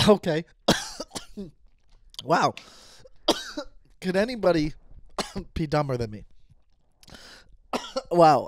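A man's voice: a little high, normal speed, pauses often, no echo, clean studio sound. Rambling self-mocking man in his thirties. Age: 30s. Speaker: podcast host. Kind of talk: solo podcast rambling. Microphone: studio mic.

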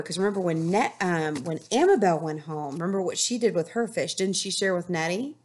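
A woman teacher reading a picture book aloud to children, slow and expressive, stopping to ask the class questions. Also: lowish voice, slightly rough. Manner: slow, expressive storytelling with asides to pupils.

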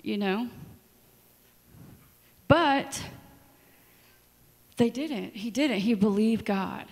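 A woman's voice: on the high side, drawn-out words, big-room sound. A woman preaching a sermon in a church, telling stories with dramatic asides. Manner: storytelling, lively and dramatic asides. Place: church sanctuary.

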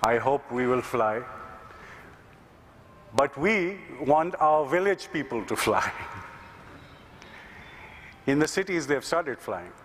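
A man's voice: mid-range voice, big pitch swings, takes it slowly, long pauses, a bit bright, slight background noise. A man from India, giving an earnest, conversational storytelling talk at a conference and leaning often on "you know". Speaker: conference speaker.

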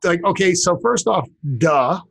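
A man with a slightly husky, somewhat high voice chats casually as a podcast co-host. He jokes around and rambles, restarting his sentences often. The sound is close and dry, with little room. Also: expressive, unhurried, fairly bright tone, no room sound, poor audio. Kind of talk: casual chat.

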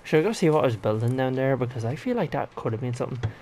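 A man's voice: medium pitch, animated, very fast, darkish tone, slight background noise. Young man rambling over gameplay. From Ireland. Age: 20s. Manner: rambling, exclaiming, talks to himself. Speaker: gaming vlogger. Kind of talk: casual gameplay commentary.

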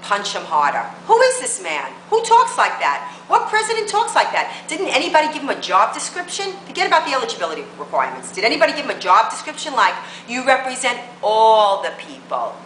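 A woman's voice: high-pitched, wildly swooping pitch, fast talker, few pauses, sharp tone, roomy sound, a little hiss or hum, poor audio. A woman political blogger delivering a combative rant to camera, full of emphatic rhetorical questions.

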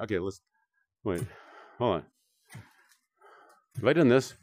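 A man chatting loosely through a live game stream, joking, rambling and cursing as he plays. His voice sits at an ordinary middle pitch, recorded close and dry with no room sound. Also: animated, brisk, long pauses, no room sound. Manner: joking, rambling, swears often. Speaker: streamer playing a VR shooter. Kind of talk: casual live-stream commentary.

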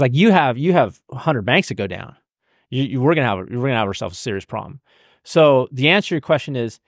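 An American man speaking as an interview guest, emphatic and earnest, often stuttering over repeated words as he builds his point. His pitch is medium. The recording is dry and close with no echo. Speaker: banking analyst guest. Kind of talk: conversational explaining.

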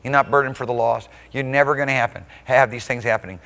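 A male pastor delivering a live church sermon in a mid-range voice, neither high nor low. He punches some phrases out loudly and drops to near-hushed asides on others. He keeps tossing quick rhetorical check-ins to the room. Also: fairly even intonation, gravelly, in a large hall. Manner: emphatic preaching, swinging between loud exclamations and soft intimate asides. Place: church sanctuary during a live service.

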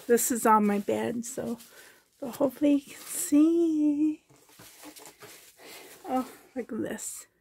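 A woman filming an unboxing vlog in her bedroom, gushing with excited exclamations and soft whispers. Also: high-pitched, slow, vocal fry, pauses often, slight background noise. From Canada. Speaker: doll collector vlogger. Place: bedroom at home.

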